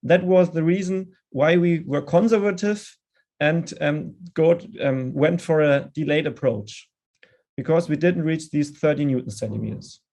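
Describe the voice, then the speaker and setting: High-voiced man giving a dental webinar. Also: darkish tone. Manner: measured, with frequent restarts and hesitations. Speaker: dental implant specialist presenting. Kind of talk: webinar lecture and Q&A.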